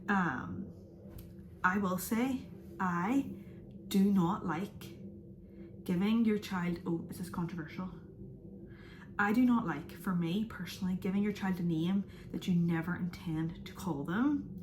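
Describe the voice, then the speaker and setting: A woman's voice: on the low side, unhurried, long pauses, slight background noise. A young woman vlogging to camera in a rambling, chatty way, now and then dropping into a whisper. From from outside the USA. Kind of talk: casual chat to camera. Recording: echoey room.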